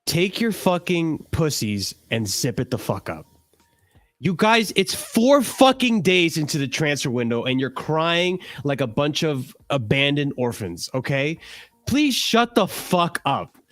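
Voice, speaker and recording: A man with a high voice that jumps all over its range, venting in a crude, heated rant on a casual livestream. The sound is close and dry, with no room in it. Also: a little slow, no room sound, soft background music. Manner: profane, animated ranting. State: cranky from lack of sleep. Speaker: livestream co-host. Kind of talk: ranting fan livestream chat.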